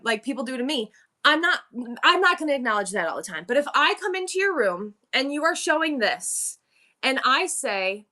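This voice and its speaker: A fairly high, bright, forceful woman's voice chats straight to her viewers during a live-selling stream. She is animated and conversational, moving between advice and quick greetings to her audience. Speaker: live-stream seller and show host.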